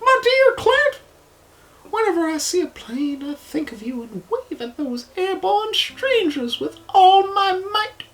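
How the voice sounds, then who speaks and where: A woman voicing a doting, cheerful mother, reading her letter aloud in a sweet, sing-song, high voice. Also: big pitch swings, a little slow, fairly bright tone, exaggerated voice.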